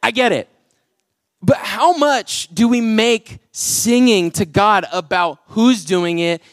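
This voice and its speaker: A young adult man who serves as pastor and worship leader preaches a casual, joking sermon to a congregation in a church auditorium, chatty and packed with "like" fillers. His voice is high and he takes it slowly, recorded in studio quality with no echo.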